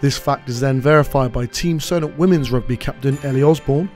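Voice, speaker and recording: A man's voice: mid-range voice, brisk, darkish tone. Male sports reporter narrating over music. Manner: formal, polished. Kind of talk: scripted news package narration.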